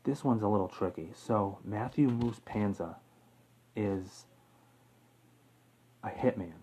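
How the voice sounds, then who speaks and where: A man's voice: fairly low pitch, takes it slowly, dark tone, husky, rough recording. A man hosting a casual true-crime video, rambling with fillers, self-corrections and the odd chuckle. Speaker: YouTube true-crime host. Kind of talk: casual off-the-cuff talk to camera.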